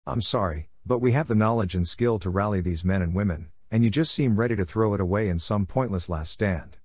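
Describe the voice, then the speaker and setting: A man's voice: lowish voice, a little fast, a little mellow, breathy edge, no echo, studio quality. A man reading as an earnest young woman. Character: earnest, hopeful young female scholar.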